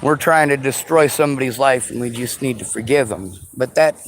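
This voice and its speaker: A man ranting to his viewers, sarcastic and profane, slipping into mocking high voices, with a faint background hiss. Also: a little fast. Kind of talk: angry rant to viewers. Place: vehicle.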